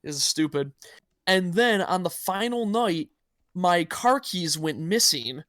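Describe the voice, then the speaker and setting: A man co-hosting a podcast, telling a story in a quick, rambling casual chat. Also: high-pitched, expressive, a bit bright, dry recording, studio quality. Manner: quick, rambling with many "like" fillers. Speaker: podcast co-host.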